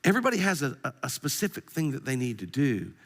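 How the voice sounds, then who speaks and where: A male pastor preaching a sermon in an animated, humorous way and putting direct questions to the congregation. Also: mid-range voice, fast.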